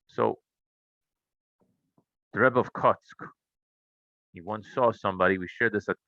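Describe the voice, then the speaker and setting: A man's voice: fairly low pitch, no room sound, dull audio. A man teaching a Torah class, telling stories and asking rhetorical questions. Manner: animated storytelling, asks rhetorical questions.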